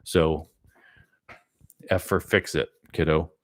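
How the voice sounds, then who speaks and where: Low-voiced man thinking aloud. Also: level tone, takes it slowly. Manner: thinking aloud, rambling with many fillers. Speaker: art teacher. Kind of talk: live drawing lesson.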